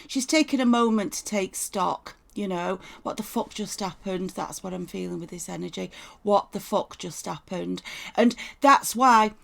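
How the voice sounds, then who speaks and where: Woman doing a chatty tarot reading, bit of vocal fry, keeps going "right?" and swearing. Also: mid-range voice. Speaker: tarot reader. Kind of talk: casual spoken tarot reading.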